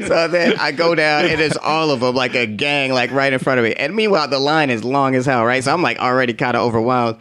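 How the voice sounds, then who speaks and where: A man's voice: medium pitch, a little fast. Guy telling a wild work story, laughing a lot, slangy and cussing, acts out everybody's lines. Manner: animated, laughs often, acts out quotes; profane slang-heavy talk. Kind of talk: casual storytelling.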